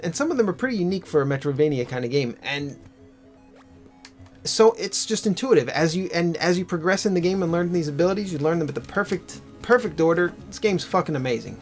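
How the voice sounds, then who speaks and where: A young man co-hosting a let's play, chatting casually and animatedly about games, swearing now and then. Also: on the high side. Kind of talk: casual gameplay chat.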